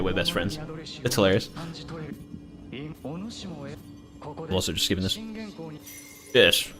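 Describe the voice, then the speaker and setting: Man, young adult, low voice, casual gameplay chat, rambling, sweary, faint background music. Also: a bit bright. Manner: rambling, profane, chatty. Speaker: gaming streamer.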